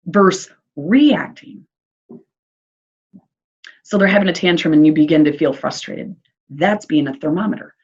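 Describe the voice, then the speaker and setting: Speaking on the low side with a darkish, breathy quality, an early childhood social worker addresses parents in a recorded presentation. She's a woman with a Midwestern American accent, upbeat and encouraging, chatting along with plenty of fillers. It's captured in dull lo-fi sound.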